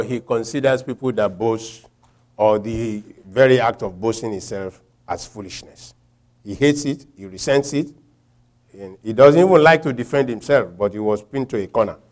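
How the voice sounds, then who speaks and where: A Nigerian man preaching a sermon, telling a personal story with laughter and shouted quotes. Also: lowish voice, moderate pace.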